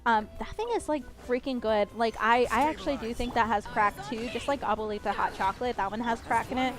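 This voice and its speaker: A young woman streaming a game, talking fast and expressively, rambling with lots of fillers and restarts. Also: fairly high pitch, over music. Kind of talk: casual chat while gaming.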